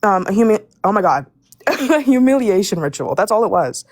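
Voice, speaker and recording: A young woman speaking in a live audio room, furious and stumbling over her own words. Her voice sits at an everyday pitch and sounds dry and close, with no room around it. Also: big pitch swings, moderate pace, a little mellow, no room sound. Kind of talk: heated live call-in rant.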